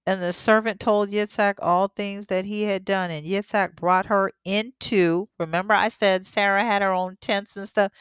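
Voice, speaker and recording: Woman scripture reader, unhurried and low-pitched, close dry mic, stopping to add heartfelt asides. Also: clear, resonant tone, dry recording. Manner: reads steadily, then breaks in with emotional asides. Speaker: scripture teacher. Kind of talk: reading scripture aloud with commentary.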